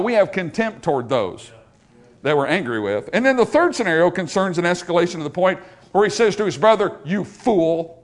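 A man delivering a sermon at a church service, his pitch rising and falling in a lively, sing-song way. His voice sits a little high for a man. He preaches with animation and drops in playful asides. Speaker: pastor.

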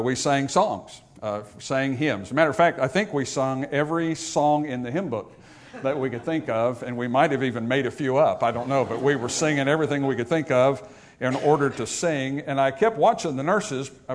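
A pastor giving a funeral sermon, telling a story and explaining scripture in a conversational way. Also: male voice, mid-range voice.

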